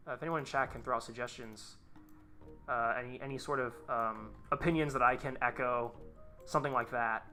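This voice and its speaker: A man's voice: medium pitch, pushed and bright. A man live-streaming as he designs a tank, talking casually to his chat with frequent swearing, exasperated outbursts and rambling asides.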